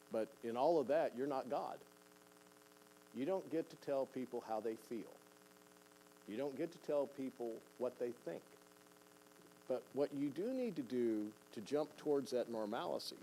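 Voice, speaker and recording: A man's voice: medium pitch, mellow, a little hiss or hum, rough recording. An older man preaching a conversational sermon in a church, folksy and plain-spoken, often repeating words and acting out what people say. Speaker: pastor teaching a seminar.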